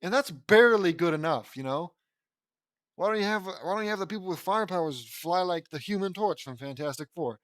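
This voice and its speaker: A man's voice: high-pitched, expressive, fairly quick, fairly bright tone, no room sound. A man reading a fan fiction aloud and rambling off into his own commentary. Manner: rambling, lots of fillers and restarts. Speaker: audiobook reader of fan fiction.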